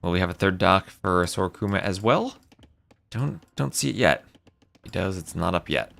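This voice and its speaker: Male esports caster, deep and gravelly, lively swoops in pitch, chatty with chat, faint music behind. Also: moderate pace. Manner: chatty, answers live chat between plays. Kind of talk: live game commentary.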